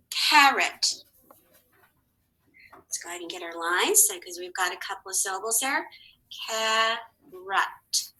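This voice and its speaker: Bright, upbeat woman teaching phonics. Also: mid-range voice, gravelly, rough recording. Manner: encouraging, spells words slowly letter by letter. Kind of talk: recorded phonics lesson for children.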